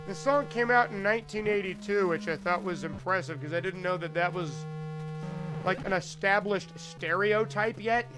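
A man's voice: high-pitched, lively intonation, music in the background, rough recording. A man streaming himself playing old console games, making running jokes and talking to his chat. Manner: joking, talks to chat, quick asides. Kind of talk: casual gameplay commentary.

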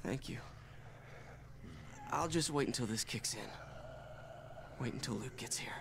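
A man's voice: medium pitch, a little slow, vocal fry, background noise. A man voicing a sick, anxious game character waiting for his sibling. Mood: worried.

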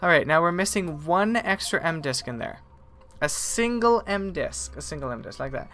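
A gaming streamer talks over game music during a live gameplay stream, rambling, correcting himself, and grumbling at the game. His voice is fairly high, expressive, and a bit fast, with a sharp tone and a little hiss or hum on the recording. He comes across as chatty, self-correcting, and mildly exasperated.

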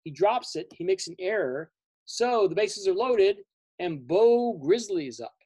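A man, a children's author, telling his story to families at a library, lively and explaining terms simply. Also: sits high, measured pace, husky, dry recording. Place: library event.

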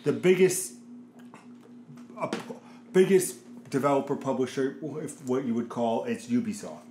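A man's voice: medium pitch, animated, normal speed, warm tone. Rambling man in an echoey room. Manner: rambling, searching for words. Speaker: podcast co-host. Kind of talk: casual chat. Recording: echoey room, faint noise.

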